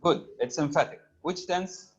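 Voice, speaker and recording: A man's voice: on the high side, measured pace, highs cut off. A man teaching a grammar lesson over an online call, patiently quizzing students and repeating their answers back to them. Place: remote video call.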